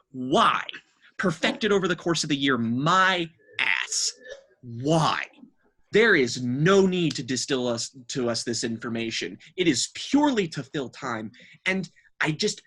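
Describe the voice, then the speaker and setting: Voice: mid-range voice, fairly bright tone, husky. A podcast co-host ranting through an album review with exasperated, profane, cutting remarks.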